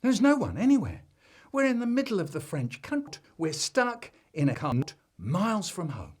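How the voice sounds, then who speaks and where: A man spins a comic family tale, his husky voice leaping all over the place in pitch. His telling is broad and theatrical, with sudden jumps between hushed asides and loud exclaims. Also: moderate pace. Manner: animated storytelling with big swings in pitch and volume. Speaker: storyteller. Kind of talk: comic family storytelling, chopped into a remix.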